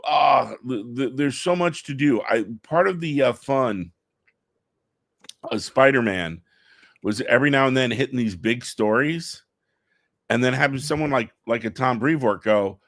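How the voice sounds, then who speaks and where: An enthusiastic middle-aged man talks in a mid-pitched voice, piling up stories with quick restarts and stammers. The sound is close and dry, with no room around it. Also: creaky, a bit bright, no echo. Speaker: comic book writer guest. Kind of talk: excited podcast interview chat.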